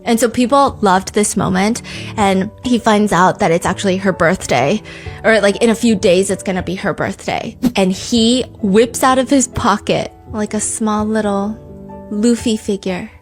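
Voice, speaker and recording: A woman's voice: mid-range voice, moderate pace, soft background music. A woman in her thirties hosting a podcast, telling a story in casual chat and acting out quotes in shifting voices. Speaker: podcast host.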